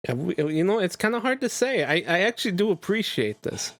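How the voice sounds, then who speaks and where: A man chatting casually as a streamer, rambling and excitable. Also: high voice, brisk, slight background noise. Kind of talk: casual chat over a game.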